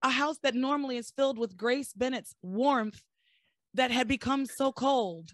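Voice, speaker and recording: A hoarse woman doing a solemn old blind priest. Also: high-pitched, unhurried, no room sound, studio quality. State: hoarse, losing her voice.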